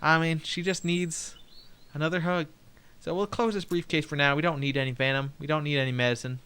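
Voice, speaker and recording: A man's voice: fairly high pitch, steady tone, a little fast, fairly bright tone, clean tone. A young man streaming a game, playfully commenting and reading dialogue aloud. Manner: playful, jokey, laughs often.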